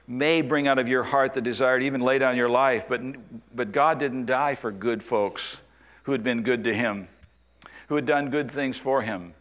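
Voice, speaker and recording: A man preaching an expository sermon, slowing down and dropping his voice low to stress key points. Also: fairly bright tone, lo-fi sound. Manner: expository preaching, slows and drops low for emphasis. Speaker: pastor.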